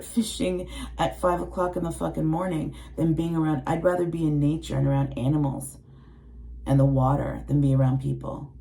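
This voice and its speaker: A woman's voice: a bass voice, creaky, mellow. A woman in her late forties, a tarot reader, ranting bluntly and emotionally to her viewers, swearing heavily and mimicking other people's voices. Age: 40s. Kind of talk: personal rant to viewers.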